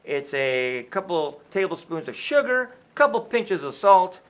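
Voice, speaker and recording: A man's voice: high voice, very animated, a little slow. A man hosting a homemade show, chatting casually while explaining a recipe step by step. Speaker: show host playing a sheriff. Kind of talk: casual cooking demonstration.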